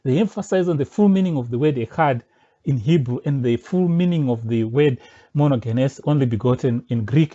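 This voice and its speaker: A religious commentator with a fairly high, warm voice insistently rebuts a pastor's teaching, pressing his points step by step. The recording is dull and lo-fi.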